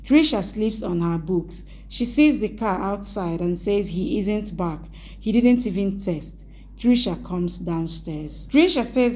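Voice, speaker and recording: Woman, recap narrator, mellow warm tone, brisk plain reading. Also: mid-range voice, expressive. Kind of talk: reading a drama episode recap.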